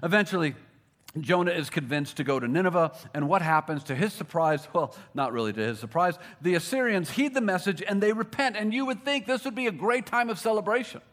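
A man preaching a sermon, moving between emphatic repetition and quiet, intense asides. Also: high-pitched, expressive, fairly quick. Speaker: pastor.

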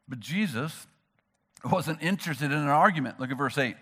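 Guy preaching a sermon, kinda high voice, gets real animated and punchy. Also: moderate pace. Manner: animated preacher, acting out quoted figures, rising to emphatic peaks. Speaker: pastor.

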